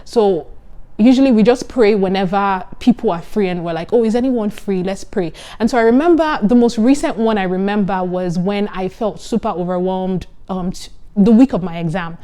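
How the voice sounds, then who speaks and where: A young woman in her twenties, a medical student, chatting casually to camera in an animated, giggly and earnest way. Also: medium pitch, moderate pace. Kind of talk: casual vlog talk.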